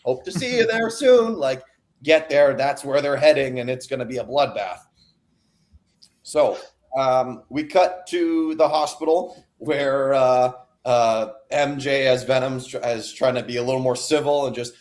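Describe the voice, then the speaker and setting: A young man talks through a comic book issue for his podcast co-hosts. He rambles, fills gaps with "uh" and "like", and slips into quick voices for the characters. His voice sits in an ordinary middle pitch. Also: fairly even intonation, darkish tone. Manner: rambling, filler-heavy, acts out character lines. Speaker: podcast co-host. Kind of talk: casual comic book recap.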